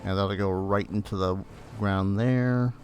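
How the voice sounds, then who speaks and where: A man's voice: fairly low pitch, steady tone, a little slow, a little mellow, soft background music. Man muttering along to his gameplay. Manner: muttering to himself while playing, self-teasing. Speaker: streamer. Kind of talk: casual gameplay commentary.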